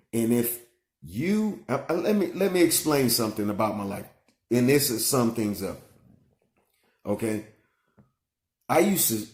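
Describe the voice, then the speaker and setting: A man lectures straight to the camera, cussing freely and hammering his points home by repeating them. His voice sits at an ordinary middle pitch. The room around him rings with a noticeable echo. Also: darkish tone. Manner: blunt, cussing, emphatic, repeats himself. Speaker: vlogger giving life advice. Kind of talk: profane motivational monologue. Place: at home with his young son nearby.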